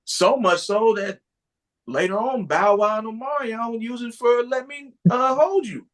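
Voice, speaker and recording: A man's voice: very high voice, measured pace, fairly bright tone. A man co-hosting a casual music podcast, talking in a thoughtful, hesitant way with lots of filler words. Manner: thoughtful, hesitant, full of "like" and "you know". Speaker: podcast co-host.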